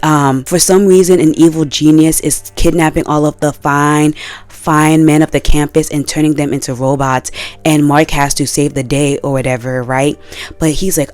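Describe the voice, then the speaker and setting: A woman giving casual commentary in a vlog, animated and exasperated, full of slang. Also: low voice, moderate pace. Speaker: video creator.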